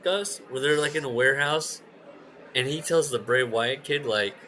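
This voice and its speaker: Bright-voiced man telling animated stories. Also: mid-range voice, moderate pace, rough recording. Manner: animated storyteller, swears, acts out quoted lines. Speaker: podcast co-host. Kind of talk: casual chat about wrestling.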